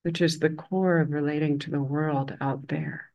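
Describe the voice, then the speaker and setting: A woman meditation teacher tells a story in an unhurried, conversational way. She pauses often and lets each phrase hang before going on, keeping a gentle tone through the teaching. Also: deep voice, fairly even intonation, lo-fi sound. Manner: uses a loud, bright voice for quoted speech. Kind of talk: dharma talk storytelling.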